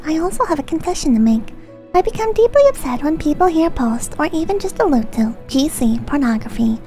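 High-voiced woman reading in soft ASMR. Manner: irreverent, swears, mock-solemn reading of messages. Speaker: streamer host.

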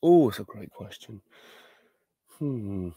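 A man's voice: lowish voice, expressive, slow, mellow, husky, no room sound, clean studio sound. A middle-aged man, an actor, answering fan questions on a virtual panel, chatty and self-deprecating, thinking aloud as he goes.

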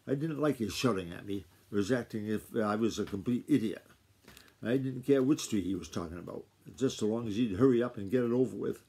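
Dad reading a chapter book out loud at home, mellow, a bit husky. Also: male voice, fairly low pitch. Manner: steady unhurried read-aloud. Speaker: father reading aloud. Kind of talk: reading a novel aloud to his child.

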